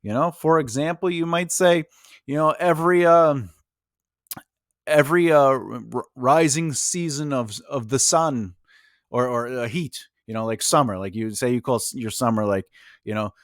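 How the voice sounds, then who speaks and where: A writing coach from Long Island and Brooklyn, New York, with a New York accent, hosts a casual writing lesson as a conversational teaching monologue, rambling and filling it with fillers. His mid-range voice moves at normal speed in a dry, studio-quality recording.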